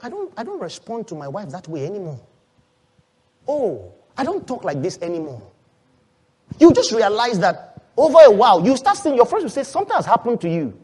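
A man with a high voice preaches a sermon to his church. He swings between loud, rising calls and quiet, hushed asides, and he keeps asking the congregation questions. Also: husky. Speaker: pastor.

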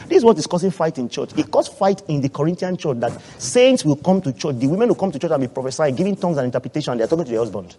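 A man preaching a sermon as pastor, calling for amens and acting out what husbands and wives say, swinging from soft asides to loud proclamations. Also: a little high, very animated, rapid-fire, hardly any pauses. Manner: preaching loudly with call-and-response amens, swinging from soft to shouted; acts out quoted voices of husbands and wives.

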